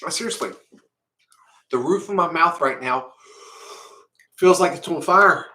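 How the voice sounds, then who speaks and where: A man talks slowly and painfully, short of breath as his mouth burns. His voice has a bright edge and rings in an echoey room. Faint noise sits behind him. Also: on the high side. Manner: pained, groaning, slow-spoken. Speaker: vlogger. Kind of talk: reacting on camera to a hot pepper.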